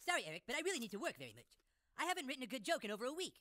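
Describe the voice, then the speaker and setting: A man's voice: very high-pitched, very animated, rapid-fire, bright, forceful tone, exaggerated voice. A stammering cheerful cartoon boy. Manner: stammers, repeats the start of words.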